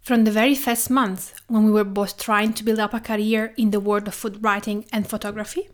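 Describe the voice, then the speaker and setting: A woman from Tuscany with an Italian accent, hosting a podcast interview in a warm, gently enthusiastic way. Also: medium pitch, level tone, a little fast. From Italy, Tuscany. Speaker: podcast host.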